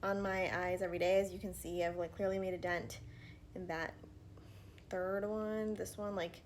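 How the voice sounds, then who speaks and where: A woman in her thirties talking casually to camera while doing her makeup at home, chatty with frequent fillers and soft murmured asides, a little out of breath. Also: fairly low pitch, little pitch movement, moderate pace, a little hiss or hum. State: slightly out of breath from pregnancy. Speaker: vlogger. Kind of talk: casual get-ready-with-me chat. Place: at home, indoors.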